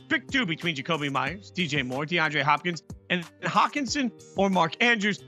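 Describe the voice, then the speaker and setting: A man's voice: fairly high pitch, very animated, normal speed, few pauses, sharp tone, soft background music. A man hosting a fantasy football show in a playful, joking way. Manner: jokey, playful. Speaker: host.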